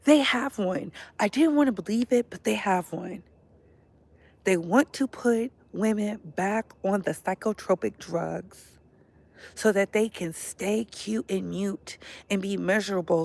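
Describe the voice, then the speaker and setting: A woman's voice: medium pitch, unhurried, gravelly, a little mellow. A woman vlogger giving casual, indignant political commentary, talking in slang and repeating her points for emphasis.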